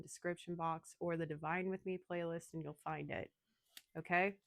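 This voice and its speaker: A woman giving an emotional, excitable channeled tarot reading, speaking straight to her viewers. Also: lowish voice, no room sound. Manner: emotional, excitable, addresses listeners as darling. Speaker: tarot reader.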